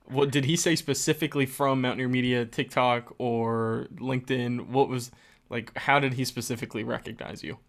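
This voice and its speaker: Chatting casually as a podcast co-host, this West Virginia man sounds upbeat and pushes his point by repeating phrases. His voice is mid-range and steady, moving at a moderate speed.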